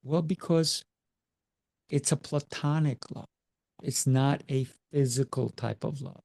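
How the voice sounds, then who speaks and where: A man's voice: mid-range voice, unhurried, creaky, a little mellow, no echo, clean studio sound. A man who is a martial arts coach, chatting in an interview over a video call and driving his points home with emphatic rhetorical questions. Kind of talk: casual interview chat.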